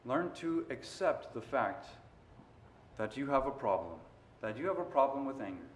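A man preaching a sermon, moving between quiet stretches and loud, emphatic passages. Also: medium pitch, very animated, normal speed, a little hiss or hum. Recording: roomy echo.

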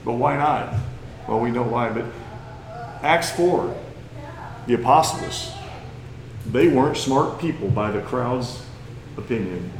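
A man's voice: mid-range voice, animated, slow, pauses often, reverberant, slight background noise, poor audio. A man from Missouri with a Missouri accent, preaching a lesson in a plain-spoken, folksy way that climbs into emphatic bursts. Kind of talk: sermon lesson.

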